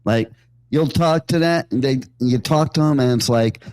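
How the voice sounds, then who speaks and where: Man, radio host, rambling jokey storyteller, mid-pitched voice, dry studio sound. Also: moderate pace, darkish tone, dry recording. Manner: rambling, jokey, full of fillers and asides. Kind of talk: casual on-air storytelling.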